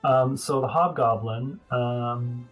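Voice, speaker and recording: Male GM, slow halting narration, mid-pitched. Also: highs cut off, faint music behind. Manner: halting, filler-laden narration. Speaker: game master. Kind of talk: narrating a tabletop game.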